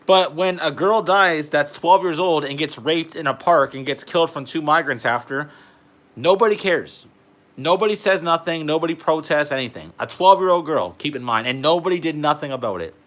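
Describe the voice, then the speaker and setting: A man's voice: on the high side, animated, moderate pace, fairly bright tone. A young man, delivering a heated, profane political rant to camera and peppering his talk with "bro". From Canada. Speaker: vlogger.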